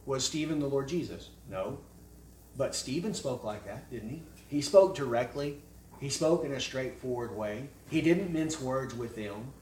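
Forceful preacher, echoey and distant. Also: male voice, mid-range voice, lively intonation, measured pace, slight background noise. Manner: forceful, rising to emphatic rhetorical questions. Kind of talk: expository sermon. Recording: echoey room, mic at a distance.

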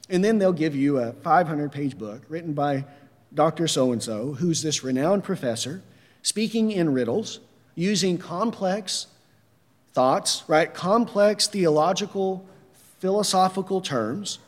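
A man's voice: high voice, fairly bright tone. A man preaching a sermon in a conversational way, often tagging his points with "right?", recorded in a church. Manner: conversational, keeps adding "right?". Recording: long reverb of a large hall.

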